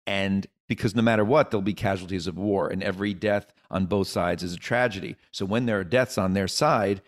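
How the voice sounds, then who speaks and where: A man's voice: low-pitched, brisk. A middle-aged man, a comedian guest, talking in a rambling, joking way full of restarts and asides. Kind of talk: casual interview chat.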